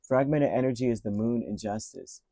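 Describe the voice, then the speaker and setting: In a dry recording, a middle-aged man with a medium-pitched, creaky, warm voice gives a casual tarot reading at normal speed. He rambles, tells a story as he goes, and restarts many times.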